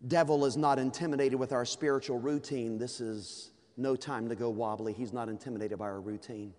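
A man's voice: medium pitch, fairly even intonation, a little fast, a little mellow. A man preaching a sermon in a folksy, humorous, conversational way, from a church sanctuary. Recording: long reverb of a large hall.

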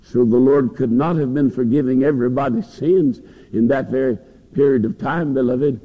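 A man's voice: medium pitch, moderate pace. A man preaching a sermon in a church, with passionate, rising and falling delivery. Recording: dull lo-fi recording in a long-echo hall.

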